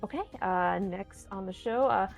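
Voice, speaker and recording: Playful chatty woman with a gravelly voice. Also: medium pitch, normal speed, faint music behind. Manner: playful and chatty, rambling with many restarts. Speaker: stand-in host answering viewer questions. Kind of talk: casual live-stream chat.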